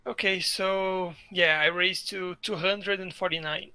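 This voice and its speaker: A man playing in a tabletop role-playing game, talking in a relaxed, playful way. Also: high voice, measured pace, crowd noise. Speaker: player. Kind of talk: casual tabletop play.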